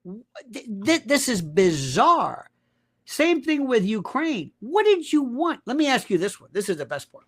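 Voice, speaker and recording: A man's voice: extremely high pitch, big pitch swings, measured pace. A man from the United States speaking as a guest commentator, ranting emphatically and sarcastically, jumping from topic to topic. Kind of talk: animated political rant.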